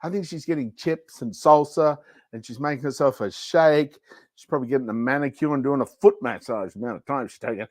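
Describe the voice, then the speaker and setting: A man's voice: medium pitch, fairly quick, a little mellow, dry recording, studio quality. A man hosting a casual livestream product show, chatting playfully and joking between demos. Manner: playful, jokey, rambling. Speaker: livestream shopping host. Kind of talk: casual product demo chat.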